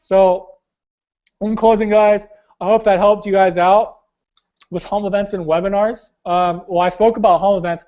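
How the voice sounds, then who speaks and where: Young male team leader, high-pitched, blunt and casual, hosting a webinar call; muffled lo-fi sound. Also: steady tone, normal speed. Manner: blunt, casual, slangy, keeps saying "guys". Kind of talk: motivational coaching talk.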